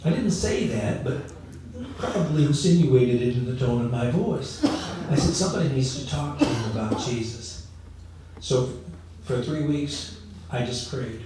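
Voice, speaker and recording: A middle-aged pastor preaches a sermon like he's chatting, telling stories and acting out the voices of the people in them. His voice is medium-pitched and measured in pace. The recording comes from a distant mic in a very echoey room, with noticeable background noise.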